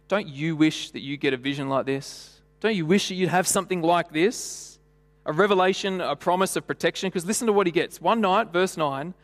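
A man preaching a sermon in a church, chatty and storytelling, tossing rhetorical questions at the congregation. His voice sits slightly high for a man. Long reverb trails each phrase.

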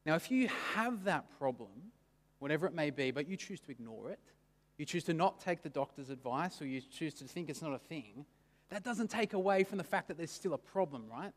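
Brief: male preacher, conversational sermon, higher pitch, long hall echo. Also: lively intonation, brisk. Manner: casual, frequent "right?" and "kind of" asides. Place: church. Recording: long church hall reverb.

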